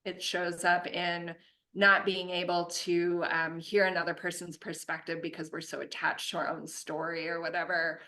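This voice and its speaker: A woman with a fairly low voice speaks as a guest on a podcast about conflict. She coaches and mediates for a living, and she thinks out loud in a loose, reflective way, circling back and restarting her sentences. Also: little pitch movement, normal speed. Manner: reflective, explains with many fillers and restarts. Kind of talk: casual podcast conversation.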